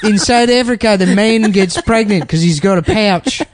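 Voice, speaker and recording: Comic bit: a man doing a brash fake-accent dad, pitched way up. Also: fairly even intonation, normal speed, darkish tone, slight background noise, close to an everyday voice. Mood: brash mocking. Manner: exaggerated bogus accent, slang-stuffed. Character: mock Aussie-style dad, brash and crude.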